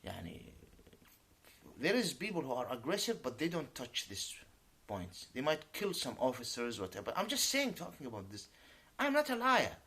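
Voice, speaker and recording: A man's voice: mid-range voice, huge pitch swings, moderate pace, pushed and bright, slightly rough. A man whose first language is Arabic, ranting emphatically in an unscripted video and repeatedly swearing that he is telling the truth, switching between English and Arabic. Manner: emphatic, indignant, swears to his honesty. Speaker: YouTuber. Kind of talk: unscripted vlog rant.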